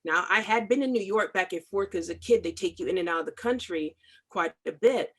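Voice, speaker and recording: A woman's voice: fairly low pitch, fairly quick, fairly bright tone, husky. Emphatic middle-aged woman comics artist. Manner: emphatic, impassioned, repetitive for stress. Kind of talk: video call interview.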